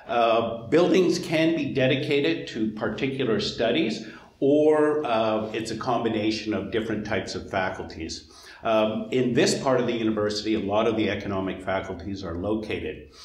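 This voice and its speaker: A man's voice: mid-range voice, roomy sound, poor audio. A middle-aged man, a senior lecturer, giving a friendly, chatty presentation to prospective students with frequent "uh" fillers.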